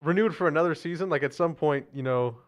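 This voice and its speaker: A man's voice: fairly high pitch, fast. A man guesting on a podcast, chatting casually, laughing often and rambling a little. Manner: giggly, rambling, friendly. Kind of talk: casual chat. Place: small podcast studio.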